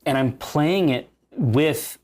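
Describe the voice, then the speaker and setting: A man's voice: on the high side, slow pace, a little mellow, a little hiss or hum. Middle-aged male host; loose, rambling storyteller who restarts sentences often. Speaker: podcast host. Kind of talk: casual chat.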